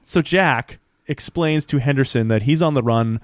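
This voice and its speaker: A man's voice: medium pitch, normal speed, no echo, clean studio sound. Chatty man recapping an episode. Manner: animated retelling, quoting characters. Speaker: podcast co-host. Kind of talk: casual recap chat.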